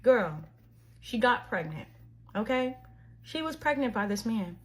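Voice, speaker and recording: A high-pitched young woman spilling a story to her viewers, quick with slang and full of gossipy energy. She talks casually, like she is catching up with a close friend. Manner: slangy, gossipy, animated retelling. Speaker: storytime vlogger.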